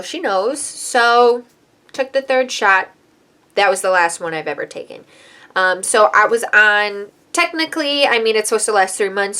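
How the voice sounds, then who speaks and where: A woman's voice: medium pitch, a bit bright. A woman in her twenties, a hairstylist, telling a personal story in a candid, emotional, chatty vlog style.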